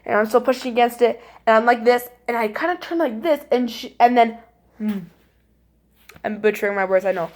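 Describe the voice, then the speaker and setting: Young woman, high voice, casual storytelling vlog, animated, acts out voices, hushed tense moments. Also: brisk.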